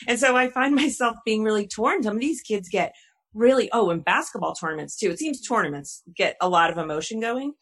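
A woman's voice: mid-range voice, a little fast, a bit bright. A woman hosting a podcast, talking candidly about her sons and asking her guests for advice. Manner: candid, chatty, self-disclosing. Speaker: host. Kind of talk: podcast discussion.

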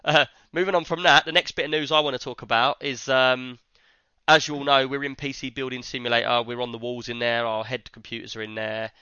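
A man's voice: medium pitch, flat delivery, fairly quick, sharp tone, clear, resonant tone, no echo, muffled recording. A man hosting a casual tech podcast, chatty and rambling with lots of fillers. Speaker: podcast host.

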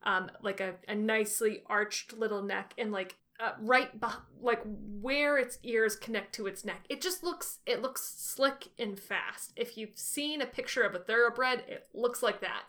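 A woman co-hosting a casual podcast chat, talking in an animated way that often corrects itself mid-sentence. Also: a little high, a little slow, hardly any pauses. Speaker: podcast co-host.

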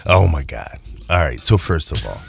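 Deep-voiced man joking around. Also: moderate pace, creaky, husky. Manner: joking, deadpan asides. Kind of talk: casual chat.

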